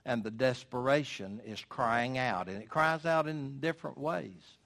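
A man's voice: mid-range voice, unhurried, gravelly, a bit bright. A man preaching a sermon, reading scripture aloud and explaining it verse by verse with emphatic, rhetorical questions.

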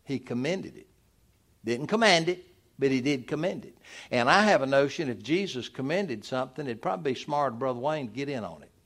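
An older man preaches from the pulpit in an emphatic, exhorting style. His delivery swings from loud, high-pitched urging down to low, quiet asides. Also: expressive, fairly quick. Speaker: pastor. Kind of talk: sermon.

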